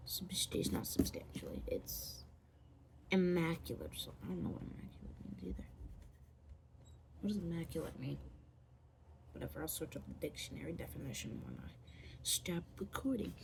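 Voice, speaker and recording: A woman's voice: vocal fry, background noise. A woman chatting casually through a drawing tutorial, rambling, playful and often dropping to a whisper as she draws. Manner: playful, makes silly squeaky noises. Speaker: vlogger drawing on camera.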